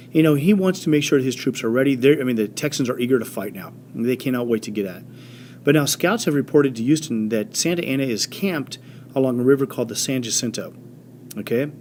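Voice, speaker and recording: History teacher guy, lively storytelling, middle pitch, faint hum behind. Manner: animated storytelling with voiced quotes and fillers. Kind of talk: classroom history lecture.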